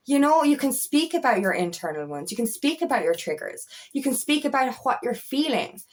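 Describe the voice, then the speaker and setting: A woman coaching on relationships, talking candidly and emphatically and swearing freely. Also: high-pitched. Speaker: feminine empowerment coach. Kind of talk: casual motivational talk to camera.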